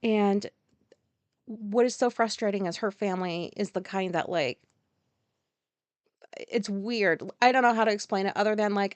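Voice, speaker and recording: Speaking in a mid-range voice with no echo, the American podcast host wanders through a personal anecdote. She's candid and relaxed, swearing and using lots of fillers along the way.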